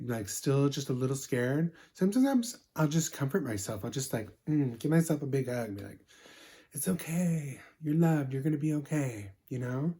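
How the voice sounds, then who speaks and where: A man's voice: medium pitch, dark tone, close to an everyday voice. A man playing a bubbly, sweet-natured young woman who talks with constant 'like' fillers while telling a comedic story. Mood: soothing. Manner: ditzy, filler-heavy 'like' talk.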